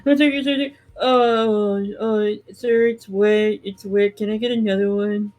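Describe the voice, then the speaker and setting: A streamer voicing a squeamish student who loudly and panickily complains about germs, in a tabletop role-play. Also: fairly even intonation, fast talker, faint music behind. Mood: whining. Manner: high, loud, panicky complaining.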